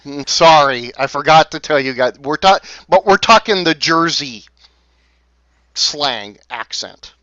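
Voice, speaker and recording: A man running a tabletop game as game master, talking haltingly with many fillers and restarts. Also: fairly high pitch, lively intonation, sharp tone, dry recording, highs cut off.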